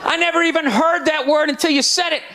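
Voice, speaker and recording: A man in his forties doing a stand-up routine on stage, ranting loudly and sarcastically. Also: very high voice, steady tone, fast, vocal fry, slight background noise. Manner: loud ranting delivery, sarcastic. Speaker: stand-up comedian. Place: comedy stage before a live audience. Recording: live show with crowd laughter.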